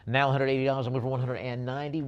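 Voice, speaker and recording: A man runs a live auction, calling out bids at a brisk clip and coaxing bidders to go higher. His voice sits at an ordinary middle pitch, and he drops in light jokes between the numbers. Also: little pitch movement, lo-fi sound. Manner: brisk bid calling with jokey asides.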